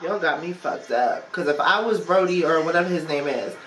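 A woman reacting to a movie in casual commentary, expressive and exclamatory, laughing often. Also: low voice, a little fast. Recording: roomy echo with faint music.

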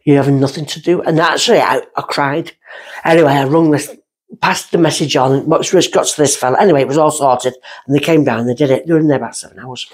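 A woman, a medium and podcast guest, telling stories in a lively, self-mocking way and acting out the lines she quotes. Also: low-pitched, fast, breathy edge. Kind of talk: casual storytelling chat.

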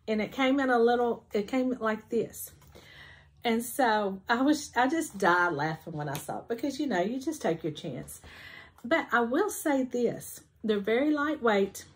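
Lady rambling about her cross-stitch at home, lots of ums, easygoing chat. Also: fairly high pitch. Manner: chatty, rambling, many ums and restarts. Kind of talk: casual show-and-tell chat.

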